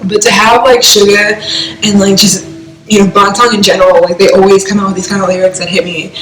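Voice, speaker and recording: A young woman from the American East Coast talks through a casual reaction vlog at an ordinary pitch. She is emotional and rambling, with constant "like" fillers. The room sounds echoey, and faint music plays behind her. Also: little pitch movement, fairly quick. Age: young adult. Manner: rambling, heavy use of "like", emotional.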